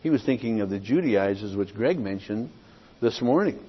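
A man's voice: fairly low pitch, expressive, normal speed, slightly rough. A middle-aged man preaching an expository sermon as pastor, emphatic and repetitive, often checking in with his listeners. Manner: emphatic, repeats points, checks in with "okay?". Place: church sanctuary. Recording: dull lo-fi audio with long hall reverb.

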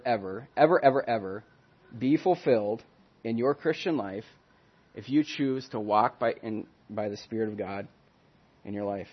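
A man teaching a Bible study lesson in an earnest, emphatic way, stressing key words loudly and letting phrases trail off softly. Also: mid-range voice. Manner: earnest, emphatic, swings from loud stresses to soft trailing ends. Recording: dull lo-fi recording.

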